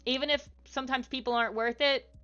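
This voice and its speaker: A woman's voice: high-pitched, fairly even intonation, quick pace, bright, forceful tone, smooth, lo-fi sound, soft background music. A woman streamer talking casually to her live chat, with lots of fillers and asides. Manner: chatty, frequent fillers.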